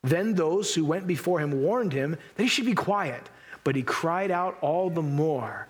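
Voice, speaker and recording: A man's voice: a little high, lively intonation, measured pace, husky. A man preaching a sermon in an earnest, emphatic way, acting out Bible scenes as he goes. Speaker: pastor.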